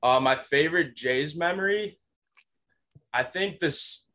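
A man's voice: on the high side, takes it slowly, pushed and bright. A man appearing as a guest on a sports podcast in casual chat, talking in an easygoing, friendly way. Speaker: guest, contest-winning listener.

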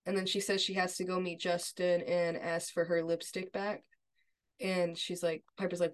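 A woman co-hosting a podcast, casually retelling TV scenes in a relaxed way. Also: on the low side, normal speed. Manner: relaxed, laughs easily. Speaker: podcast co-host. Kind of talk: casual TV recap chat.

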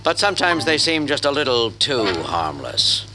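An earnest starship captain, played by a man, narrates his log and speaks in a formal, courteous way. His voice sits at mid pitch. Music plays underneath on an old story record. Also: big pitch swings, moderate pace, lightly acted.

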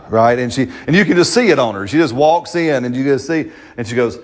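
Male pastor, mid-pitched, fervent sermon delivery, drawn-out emphasis on key words. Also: lively intonation. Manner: fervent preaching, slow drawn-out stress on scripture, frequent amens. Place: church service.

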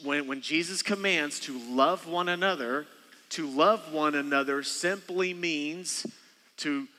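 A man's voice: on the high side, bright, forceful tone. Man preaching in a reverberant church. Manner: conversational, rambling preaching with frequent restarts and "okay". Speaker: senior pastor. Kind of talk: sermon. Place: church sanctuary. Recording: long hall reverb.

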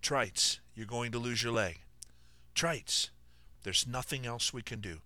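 A man's voice: medium pitch, unhurried, pushed and bright, no room sound. A man voicing a stern army surgeon who speaks in firm, blunt orders.

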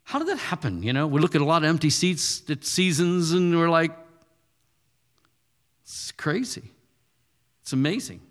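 A man in his thirties preaching in a conversational style, punchy and rising to forceful declarations. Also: on the high side, brisk, hardly any pauses, in a large hall. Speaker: pastor. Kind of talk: sermon.

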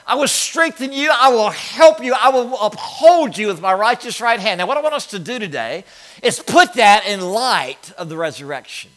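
A man's voice: high-pitched, fairly bright tone. A male pastor preaching a sermon to his congregation, repeating lines with emphasis. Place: church sanctuary.

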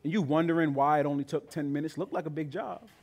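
A male pastor preaching a sermon with emphatic delivery that builds to loud, high peaks. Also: fairly even intonation, quick pace.

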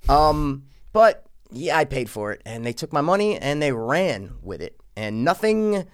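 A man's voice: fairly high pitch, very animated, measured pace, clear, resonant tone. A man co-hosting a casual movie review podcast, ranting animatedly and swearing a lot. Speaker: podcast co-host.

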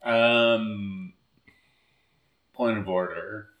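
Slow, deadpan man podcast co-host. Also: lowish voice. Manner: dry, deadpan, teasing. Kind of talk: casual chat. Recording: roomy echo.

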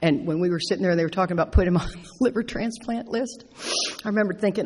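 Middle-aged woman talking at a recovery meeting, jokey animated stories, big echoey hall. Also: fairly low pitch, racing, slight background noise. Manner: storytelling, animated, playful asides. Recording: echoey hall with long reverb.

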